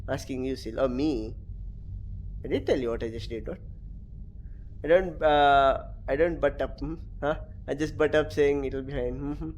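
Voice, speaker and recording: A young man chatting casually on a game stream, animated and teasing. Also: mid-range voice, normal speed, a little hiss or hum. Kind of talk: casual gaming stream chat.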